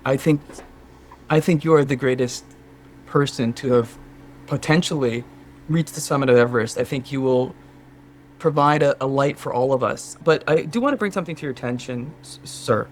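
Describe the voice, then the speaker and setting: A man's voice: medium pitch, moderate pace, slight background noise, close to an everyday voice. A Canadian man improvising a scheming, overly polite male Sherpa guide in his own regular voice, fussing with mock concern. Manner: fawning, mock-concerned, keeps saying sir. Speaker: podcast co-host. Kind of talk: improvised comedy sketch.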